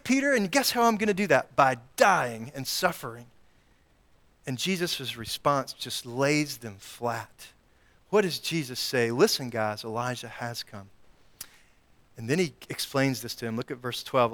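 A male pastor preaching a sermon, acting out the voices of Jesus and Peter in lively bursts and putting repeated rhetorical questions to his congregation. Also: a little high, moderate pace.

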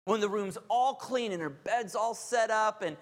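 A man's voice: high voice, normal speed. A man who is a pastor, preaching an emphatic, conversational sermon with asides to the congregation. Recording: long reverb of a large hall.

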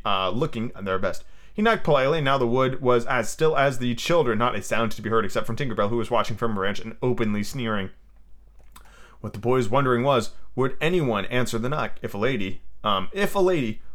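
A man's voice: mid-range voice, lively intonation, quick pace, a bit bright. A man hosting a podcast, reading a book aloud and breaking off for irreverent, profane asides. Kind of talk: casual podcast reading and commentary.

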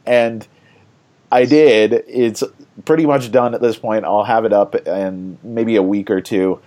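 Low-voiced guy rambling on a board game podcast, lots of ums and laughs. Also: fairly even intonation, unhurried, dark tone. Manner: rambling, chatty, laughs often, many fillers. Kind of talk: casual podcast chat.

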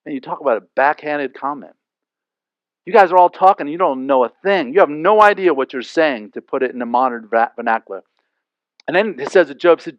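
A man's voice: on the high side, lively intonation, a little fast, dry recording, highs cut off. A man preaching a sermon in a conversational way, full of asides and rhetorical questions. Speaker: pastor.

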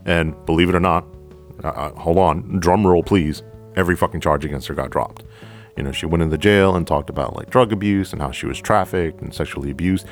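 A man hosting a podcast, a police officer telling a story from the job in a profane, animated way, acting out both sides of the dialogue. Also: sits low, a little fast, soft background music. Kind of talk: storytelling monologue.

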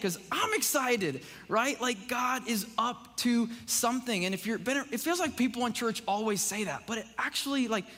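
High-voiced man preaching in a reverberant hall. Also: a bit bright. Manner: conversational, fills with "like" and "right?". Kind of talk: casual sermon. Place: church sanctuary. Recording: long reverb of a church hall.

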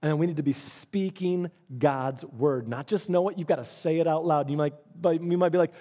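Male pastor, middle-aged, slightly high voice, earnest conversational sermon delivery. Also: normal speed, hardly any pauses, warm tone. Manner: earnest, conversational preaching with repeated phrases.

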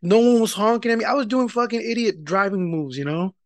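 A man, telling a casual, profane story and loudly acting out the people in it. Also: sits high, fairly quick, no echo. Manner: animated, profane, rant-like, acts out quoted people loudly. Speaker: podcast co-host telling a story.

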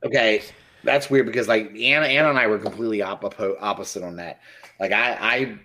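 A man's voice: fairly low pitch, fairly quick. A middle-aged man in casual chat, retelling family stories and quoting people as he goes. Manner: animated, quotes people, laughs often.

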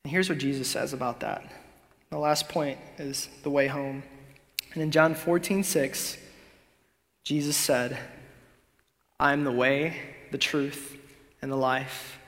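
A young man preaching a sermon in a laid-back, conversational way, sometimes dropping to a hush for emphasis. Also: mid-range voice, steady tone, unhurried, long pauses. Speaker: pastor. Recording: long hall reverb.

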